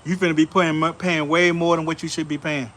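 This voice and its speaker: A man hosting a casual show, telling stories in an animated, laughing, slangy way, outdoors on a back porch. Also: fairly high pitch, fairly quick. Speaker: show host. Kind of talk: casual storytelling chat.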